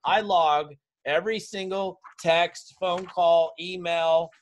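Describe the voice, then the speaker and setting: A man coaching a group of network marketers on a video call, direct and energetic, talking straight to his audience. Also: high-pitched, slow.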